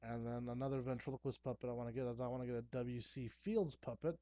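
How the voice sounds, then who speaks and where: A young man talking casually to camera at home, chatty and excitable, with playful asides. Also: mid-range voice, quick pace, no room sound. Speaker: horror movie vlogger. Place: dim room at home.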